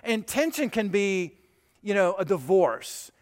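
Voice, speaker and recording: A man's voice: high voice, sing-song, unhurried, a little mellow, in a large hall. Man, pastor, sermon, conversational, congregation asides, church sanctuary.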